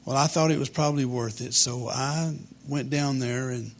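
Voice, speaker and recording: A man, telling a humorous childhood story in a folksy, deadpan way. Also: medium pitch, normal speed.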